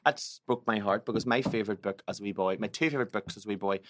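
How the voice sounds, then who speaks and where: A man's voice: lowish voice, racing, a bit bright. A man co-hosts a comedy podcast in loose, casual chat. He rambles playfully and often slips into goofy voices. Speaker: podcast co-host.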